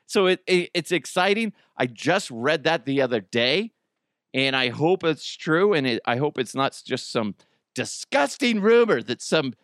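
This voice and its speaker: A man hosting a podcast, chatting in a rambling, animated way and jumping into high, excited quoted voices. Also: clean tone, dry recording, studio quality. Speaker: podcast host. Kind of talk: casual chat.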